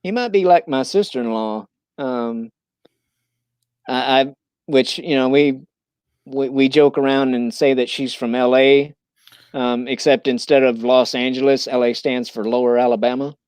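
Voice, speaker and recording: A man from Missouri rambles through a casual livestream chat, full of "you know" and restarted sentences. His voice is smooth and clear, recorded dry and close with no room sound. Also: medium pitch, fairly even intonation, a little slow, a little mellow, no room sound. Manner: rambling, many fillers and restarts. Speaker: livestream host.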